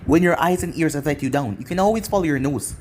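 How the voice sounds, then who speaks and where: A man voicing a calm adult male ninja teacher, speaking low and measured. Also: slight background noise, close to an everyday voice. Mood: cool.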